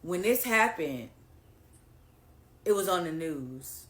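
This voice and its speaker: A woman's voice: lowish voice, expressive, slow pace. Earnest woman in an echoey room. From South Carolina, US. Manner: earnest, emphatic, conversational. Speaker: vlogger. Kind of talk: personal storytelling to camera.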